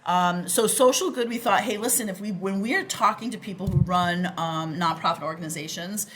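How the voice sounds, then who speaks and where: A woman's voice: on the low side, a little fast, a bit bright. Enthusiastic Boston-accented woman, rambling. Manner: enthusiastic, rambling, many fillers and restarts. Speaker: interview guest. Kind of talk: casual podcast interview.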